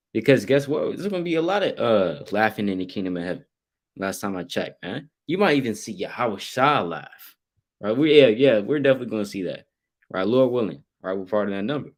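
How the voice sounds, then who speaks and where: A man joining a scripture discussion, answering with casual agreement and adding his own points. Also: lowish voice. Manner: casual, affirming interjections. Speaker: co-teacher.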